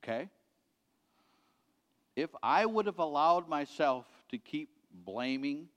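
Earnest preacher with a reverberant hall sound. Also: male voice, fairly high pitch, clear, resonant tone. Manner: earnest, repetitive exhortation, dropping quiet at ends of points. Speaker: pastor. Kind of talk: sermon.

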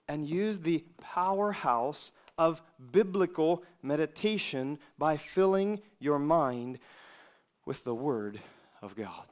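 Preaching an earnest sermon to young people, a male preacher with a mid-range voice swings between loud emphasis and quiet asides.

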